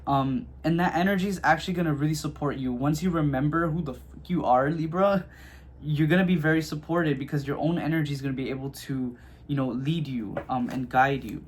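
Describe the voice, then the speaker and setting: Man, somewhat high voice, casual tarot reading, chatty, lots of fillers. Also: a little fast, slightly rough. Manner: chatty, filler-heavy, checks in with "okay?". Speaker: tarot reader.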